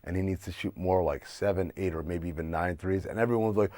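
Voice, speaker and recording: A man's voice: sits low, brisk, a little mellow, no echo, clean studio sound. A man co-hosting a sports podcast, joking and putting on a laid-back surfer-dude voice. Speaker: podcast co-host. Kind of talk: casual sports banter. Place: Los Angeles studio, video recording.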